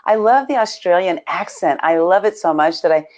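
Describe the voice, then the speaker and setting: A woman's voice: fairly low pitch, animated, normal speed, a little mellow. A woman from the United States co-hosting a live video show, telling stories in a bubbly way with frequent laughs. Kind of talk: casual live-stream chat.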